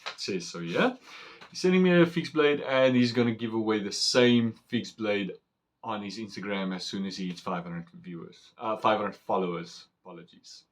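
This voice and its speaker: A man chatting casually as he unboxes and reviews a knife, excitable and rambling with fillers. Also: fairly low pitch, normal speed.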